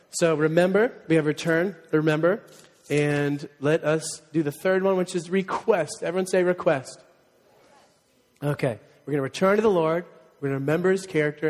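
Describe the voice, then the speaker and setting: A man preaching a sermon as pastor, animated and joking, leading the congregation in call-and-response. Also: a little high. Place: church sanctuary. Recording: long reverb of a church hall.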